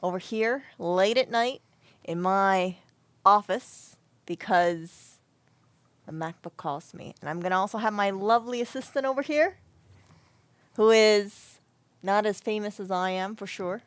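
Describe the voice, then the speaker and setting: A woman's voice: mid-range voice, animated, unhurried, pauses often, dry recording, close to an everyday voice. Woman as a boastful male repair YouTuber; showy, upbeat, smug. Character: cocky male board-repair YouTuber, full of himself.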